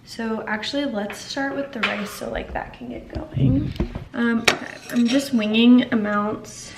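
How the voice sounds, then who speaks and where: A woman's voice: fairly high pitch, unhurried. A woman lifestyle vlogger chatting casually and rambling a little while she cooks dinner in her home kitchen. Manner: bubbly, rambling, restarts sentences. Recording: roomy kitchen echo, faint background hiss.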